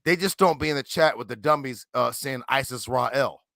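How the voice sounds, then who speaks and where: A man's voice: medium pitch, normal speed, creaky, fairly bright tone, no room sound, clean studio sound. A man in his forties talking on a livestream panel, emphatic and combative, boasting and swearing as he argues. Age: 40s. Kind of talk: heated livestream chat.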